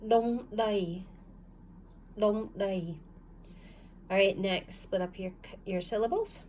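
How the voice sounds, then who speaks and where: A woman's voice: medium pitch, steady tone, slow pace, darkish tone, slight background noise. Patient woman teaching a phonics lesson. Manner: patient, step-by-step instructing. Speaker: language teacher.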